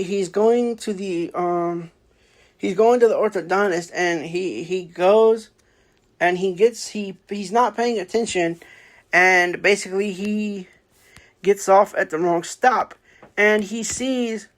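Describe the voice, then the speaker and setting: Casual book-review host, rambling delivery, lots of fillers and self-corrections. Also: mid-range voice. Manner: rambling, many fillers and restarts; acts out characters' lines in a raised voice. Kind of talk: casual spoken book review, retelling the plot.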